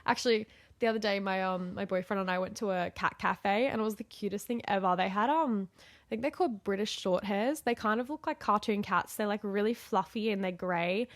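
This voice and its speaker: A woman's voice: mid-range voice, fairly quick, no echo. Chatty young woman on a call. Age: young adult. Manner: bubbly, filler-heavy storytelling. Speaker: podcast co-host. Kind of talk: casual chat. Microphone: video call.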